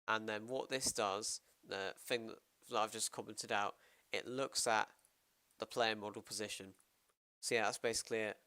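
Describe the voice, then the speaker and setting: A man's voice: fairly low pitch, fairly even intonation, normal speed, bright, forceful tone, dry recording. A man with a British accent, casually explaining his code on a stream, rambling and interrupting himself as he thinks aloud. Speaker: programmer streamer. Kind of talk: casual coding livestream.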